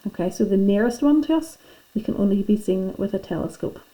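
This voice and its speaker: A woman's voice: medium pitch, animated, brisk, mellow, low-quality recording. A woman teacher, patiently and chattily talking pupils through filling in their lesson notes. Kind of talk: classroom lesson going through worksheet notes.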